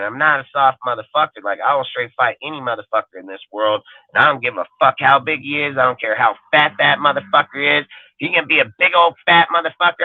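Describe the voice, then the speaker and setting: A man's voice: a little high, no room sound. A man hosting a fan show, ranting aggressively and swearing nonstop in a heated way. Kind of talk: profane fan rant. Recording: tinny phone-like audio.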